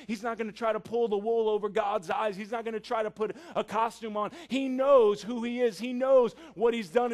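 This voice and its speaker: A man delivers a sermon in an earnest, emphatic way and stacks repeated phrases for effect. His voice sits high for a man. He moves between quiet stretches and forceful emphasis. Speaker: preacher.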